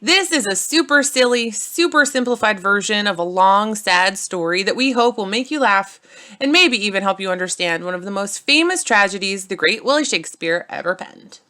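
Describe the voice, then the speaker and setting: A woman's voice: mid-range voice, animated, moderate pace, pushed and bright. Bubbly woman narrating a silly storybook. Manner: bubbly, playful, teen-slang asides.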